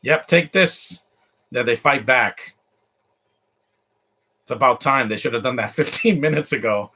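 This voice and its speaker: Man, movie reactor, casual and opinionated, chatty asides, mid-pitched everyday voice. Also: animated, unhurried, bright, forceful tone, husky.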